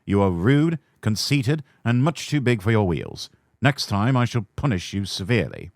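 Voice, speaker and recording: A man's voice: on the low side, sing-song, moderate pace, darkish tone, no echo, clean studio sound. A man playing a severe, scolding thin railway controller in a storybook. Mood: stern.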